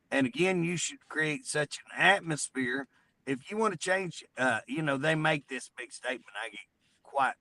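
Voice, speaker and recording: A man's voice: on the high side, pushed and bright, poor audio. A man, co-hosting a casual talk show and telling folksy stories. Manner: folksy storyteller. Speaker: co-host.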